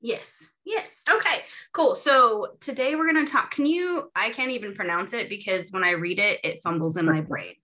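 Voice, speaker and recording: A woman with a bright, forward voice hosting a podcast. She talks casually and chattily, with plenty of ums along the way. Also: medium pitch, normal speed, hardly any pauses. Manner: chatty, filler-heavy, friendly. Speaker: podcast host.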